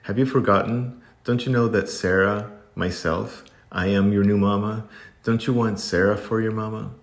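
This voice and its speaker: A deep-voiced man voicing a kind young girl heroine who speaks in a steady, gentle but firm way, in an echoey room. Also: normal speed, natural voice. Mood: soothing.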